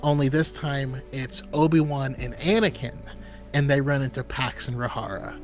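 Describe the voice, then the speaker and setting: An easygoing man with a mid-range voice co-hosting a podcast, chuckling often as he reads viewer comments. Faint music plays softly behind him. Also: medium pitch, moderate pace. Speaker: podcast co-host. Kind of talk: casual chat.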